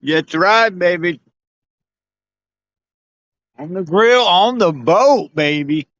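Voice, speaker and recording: A man on a fishing boat talking in a playful, drawn-out, hyped-up way. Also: high voice, expressive, a bit bright. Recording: dull, dry lo-fi sound.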